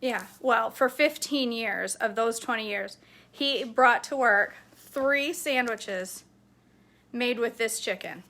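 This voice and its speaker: A talkative woman in her forties walks through her shopping haul in a casual, rambling way. Her voice is bright and a little high. She laughs easily and drifts into side stories. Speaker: vlogger showing grocery haul. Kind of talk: casual chat.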